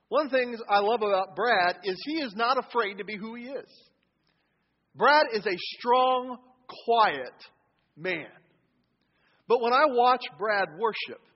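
A man with a very high voice preaching to a congregation, his words trailing off into the long reverb of a large hall. He keeps it humorous, slipping into little acted-out voices as he quotes what people think to themselves. The recording sounds dull and lo-fi. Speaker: pastor. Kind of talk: sermon. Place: church sanctuary.

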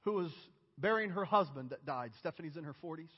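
A man preaching a sermon as pastor, emphatic and building to loud outcries. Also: fairly high pitch, lively intonation, a little fast, breathy edge. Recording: dull, reverberant church hall.

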